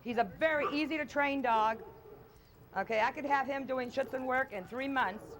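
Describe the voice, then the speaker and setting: A woman's voice: sits high, moderate pace, fairly bright tone, a little hiss or hum. A woman dog trainer running a hands-on session in an outdoor field, firm and no-nonsense with owners and coaxing with the dog.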